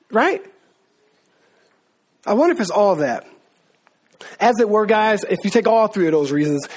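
A man's voice: high voice, breathy edge. A man giving a conversational Bible teaching, talking informally with slang and calling his listeners guys, and acting out voices from the story. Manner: acts out voices of biblical figures. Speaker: preacher.

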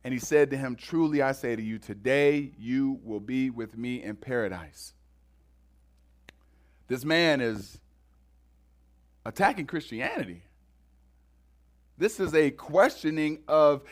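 A man preaching a sermon in a lively, conversational way, often repeating words as he goes. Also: a little high, takes it slowly, long pauses. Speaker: pastor.

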